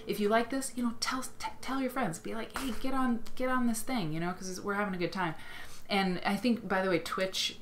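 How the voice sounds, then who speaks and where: Woman livestream host from Iowa, lowish voice, gushing and rambling, faint room hum. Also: a bit bright. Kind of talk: casual livestream chat.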